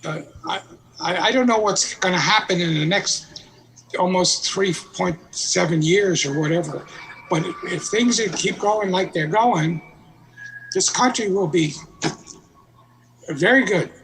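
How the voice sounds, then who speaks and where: A man giving his political opinion in casual chat, slow and emphatic. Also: sits high, a bit bright, slight background noise, poor audio.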